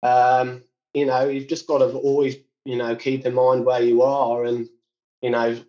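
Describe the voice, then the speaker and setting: Relaxed Cornish man on a dull line. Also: mid-range voice, measured pace. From England. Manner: relaxed, laughs often. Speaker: guest musician. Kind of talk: casual interview chat.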